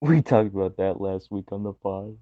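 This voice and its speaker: A man co-hosting a casual podcast chat, laughing often and swearing in animated bursts. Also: sits low, normal speed, dull audio. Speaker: podcast co-host.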